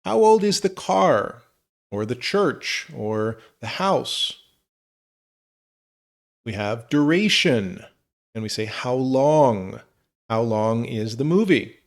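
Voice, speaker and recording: Gravelly-voiced man teaching English phrases. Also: medium pitch, big pitch swings. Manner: slow, clear model phrases for learners. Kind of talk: scripted lesson narration.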